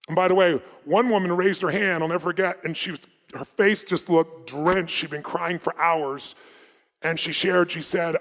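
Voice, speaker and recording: An American man telling stories at a motivational seminar, emphatic and dramatic, swinging between loud and hushed delivery. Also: on the high side, steady tone, moderate pace. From United States. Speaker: motivational speaker. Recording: long reverb of a large hall.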